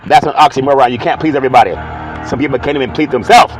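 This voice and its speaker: A man hosting a sports talk show, chatting playfully and reading a live ad with bursts of loud excited exclamations. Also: medium pitch, rapid-fire, faint music behind, poor audio. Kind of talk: casual talk show monologue with live ad read.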